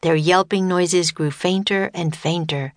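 A woman narrating a children's story audiobook in a clear, steady way. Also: fairly low pitch, unhurried, no echo.

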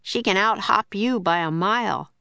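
A woman's voice: mid-range voice, normal speed, creaky, sharp tone, clean tone, no room sound, voice pushed up. A woman reading a sensible young boy.

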